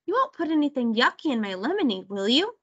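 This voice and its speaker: A woman's voice: sits high, big pitch swings, fast talker, slightly rough, dull audio, heavily acted. A woman voicing a whiny, impatient little girl, the youngest sister, pleading in a storybook read-aloud.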